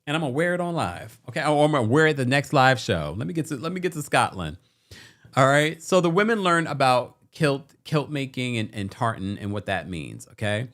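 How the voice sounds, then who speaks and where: A man's voice: medium pitch, very animated, a little fast, fairly bright tone. A man hosting a reality TV recap podcast, chatting casually and talking straight to his viewers.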